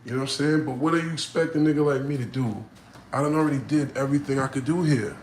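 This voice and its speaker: Talking informally with fans on a live chat, this battle rapper rambles with slang and cursing, his mood swinging between hyped and subdued. His voice is medium-pitched with a darkish tone and a quick pace. The room echoes, and there's slight background noise.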